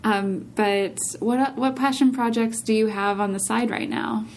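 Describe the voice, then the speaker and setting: A woman with a gravelly, creaky voice conducts a casual interview. She asks short questions and offers brief encouraging replies. A faint low rumble runs underneath. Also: steady tone, a little slow.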